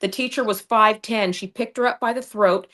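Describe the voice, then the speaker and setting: A woman's voice: medium pitch, fairly even intonation, normal speed, a bit bright. Woman, political talk host, impassioned, indignant, video call audio.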